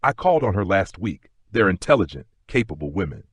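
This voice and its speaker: Guy doing a young heiress duchess in a storybook, careful and guarded, husky and dry. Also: sits low, very animated, fairly quick, dry recording, full character voice. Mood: composed. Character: young American heiress turned duchess, poised and wary.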